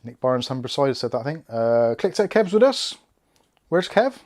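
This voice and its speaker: Man, casual live-stream host, chatty, mid-pitched voice, reads comments aloud. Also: big pitch swings, normal speed, darkish tone. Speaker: tech channel host. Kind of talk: live-stream PC build chat.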